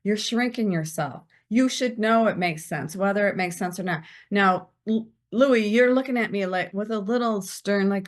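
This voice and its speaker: A woman speaking as a podcast guest, giving lively career advice and acting out bits of small talk. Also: medium pitch, normal speed, hardly any pauses. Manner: animated, acts out quoted small talk. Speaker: guest, visibility strategist.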